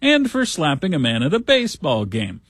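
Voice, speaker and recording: A man's voice: on the high side, huge pitch swings, normal speed, a bit bright, no room sound, studio quality. A man hosting a talk show, reading news stories aloud with wry, sarcastic asides in a casual commentary style.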